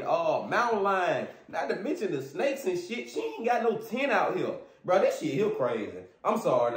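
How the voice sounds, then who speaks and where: A man reacting to a story in a casual, excitable, slangy rant with plenty of swearing. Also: high voice, echoey room. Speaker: reaction host.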